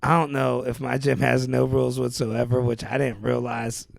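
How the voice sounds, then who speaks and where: A man's voice: mid-range voice, level tone, normal speed, gravelly, no room sound. A man co-hosting a podcast, joking and teasing his friend in laid-back, casual chat. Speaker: podcast co-host.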